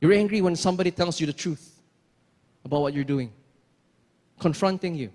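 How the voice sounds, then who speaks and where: A man's voice: a little high, fairly quick, darkish tone. A man preaching a sermon, emphatic, repeating phrases and asking rhetorical questions. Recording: long hall reverb.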